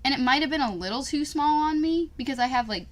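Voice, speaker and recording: A woman's voice: high-pitched, fast. A young woman co-hosting a podcast, telling a story in casual chat with frequent swearing and lots of "like". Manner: profane, animated storytelling. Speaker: podcast co-host.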